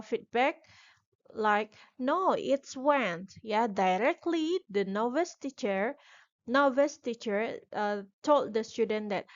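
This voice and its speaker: Young woman, Indonesian accent, slow halting class presentation, muffled lo-fi sound. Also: fairly high pitch, no room sound. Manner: halting, with frequent restarts and fillers. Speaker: graduate student presenter.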